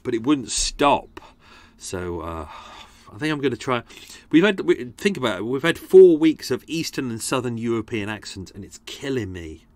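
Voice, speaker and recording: A man's voice: mid-range voice, very animated, moderate pace, a little mellow, dry recording. A man hosting a podcast, chatting casually in a rambling, sweary and self-mocking way. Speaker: podcast host. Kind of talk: casual chat.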